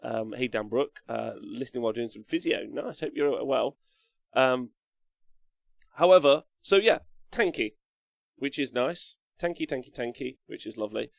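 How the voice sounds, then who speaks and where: A man hosting a live stream, cheerful and chatty as he thanks viewers by name. His voice carries a gravelly fry at mid pitch. The sound is dry and close to the mic. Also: expressive, normal speed, dry recording. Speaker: wargaming stream host.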